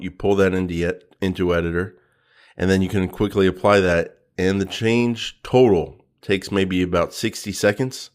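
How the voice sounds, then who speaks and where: A man co-hosting a podcast in casual chat, talkative, teasing and open. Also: low-pitched. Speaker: podcast co-host.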